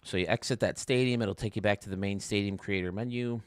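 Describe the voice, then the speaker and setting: A man's voice: on the low side, fairly even intonation, fast talker, clear, resonant tone, dry recording, clean studio sound. A man hosting a casual livestream from home, chatting as he explains game menus step by step. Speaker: YouTube gaming streamer.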